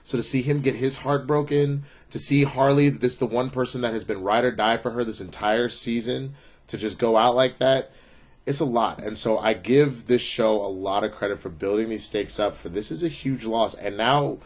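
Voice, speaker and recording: A man's voice: medium pitch, normal speed. Man animatedly recapping with a friend. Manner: animated storytelling, profane and joking. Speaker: show host. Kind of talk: casual review chat.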